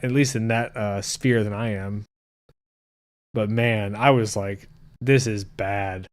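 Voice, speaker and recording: Young guy podcaster, swears a lot, laughing and ranting casually, regular pitch. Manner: crude, joking, ranting. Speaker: podcast host. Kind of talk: casual chat with live chat.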